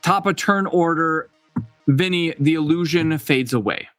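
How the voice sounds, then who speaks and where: A man's voice: on the high side, a little slow, a bit bright, dry recording, soft background music. A man running a tabletop game as game master, describing scenes with many fillers and restarts.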